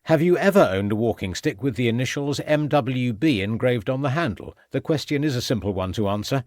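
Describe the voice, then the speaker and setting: A man's voice: medium pitch, animated, fairly quick, darkish tone, dry recording, clean studio sound, natural voice. A man doing a stern police inspector. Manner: firm, threatening questioning.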